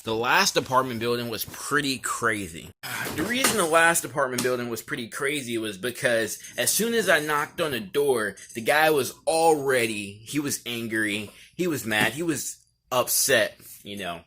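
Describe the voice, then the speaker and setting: A young man vlogging in a friendly, polite, chatty way, with casual slang and sales-pitch patter. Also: expressive, normal speed, a little hiss or hum. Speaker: vlogger selling door to door. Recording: loud background music.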